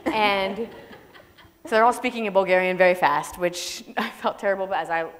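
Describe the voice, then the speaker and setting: A woman author telling funny stories on an opera house stage, lively and laughing, into a stage microphone. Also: medium pitch, normal speed. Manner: lively, laughing comic storyteller. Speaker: guest author. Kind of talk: onstage storytelling Q&A. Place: large opera house stage before audience. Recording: reverberant hall, faint noise.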